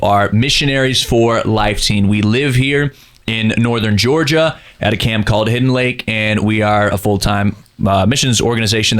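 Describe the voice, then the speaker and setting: A young man in his twenties with a fairly low voice. He is a guest on the show and talks in an easygoing way. He explains at length with plenty of "uh"s. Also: fairly bright tone. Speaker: guest, missionary. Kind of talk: casual chat.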